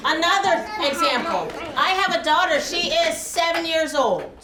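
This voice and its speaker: A middle-aged woman teaching a first grade class, stretching words out and prompting the children in an animated way. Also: very high voice, moderate pace, over loud music, a loud crowd. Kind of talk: classroom vocabulary lesson. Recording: echoey classroom with background noise.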